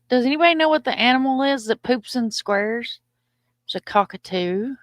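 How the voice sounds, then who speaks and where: A woman's voice: on the high side, normal speed, fairly bright tone, dry recording, studio quality. A middle-aged woman, hosting a casual live stream, reading comments aloud in a chatty, loose and profane way. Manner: chatty, loose and profane, stumbles over words.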